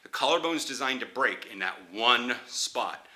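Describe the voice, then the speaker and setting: A man's voice: mid-range voice, animated, normal speed, bright, forceful tone. A young man, a football player, chatting casually in a rambling way, restarting sentences and laughing often.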